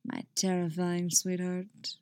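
A woman's voice: medium pitch, normal speed, a little mellow, close to an everyday voice. A woman voicing a smug, teasing man who is devoted and dangerous. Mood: teasing, tender.

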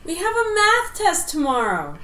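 A woman's voice: huge pitch swings, unhurried, echoey room, heavily acted. A woman voicing a chatty, eager young girl in an audiobook. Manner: high, bouncy, bright.

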